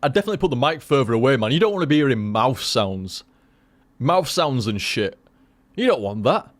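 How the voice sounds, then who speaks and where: A man's voice: medium pitch, big pitch swings, a little fast. A young man chatting casually to his stream viewers, rambling and swearing with lots of restarts.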